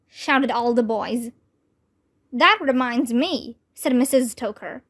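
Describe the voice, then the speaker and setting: A woman whose first language is Vietnamese reading a children's chapter book aloud in a clear, lively storytelling manner. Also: high voice, measured pace. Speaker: reader.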